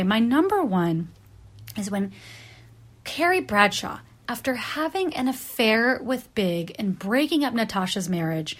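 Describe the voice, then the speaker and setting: A woman's voice: mid-range voice, a bit bright. A woman giving a casual, wry countdown monologue about a TV show she loves. She talks with frequent fillers and self-corrections and briefly acts out the characters she quotes. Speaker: pop culture commentator.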